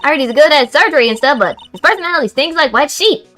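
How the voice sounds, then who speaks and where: A woman's voice: sits high, animated, fast talker, fairly bright tone, soft background music, pitched above the performer's own voice. A woman putting on a brash country-twang gal. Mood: gossipy. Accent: put-on American Southern.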